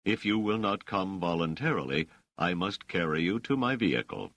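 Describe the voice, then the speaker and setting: In an audiobook, a man gives voice to a tall, stolid male sergeant, speaking slowly and formally in a rumbling bass. His delivery is expressive and a bit bright, with no echo.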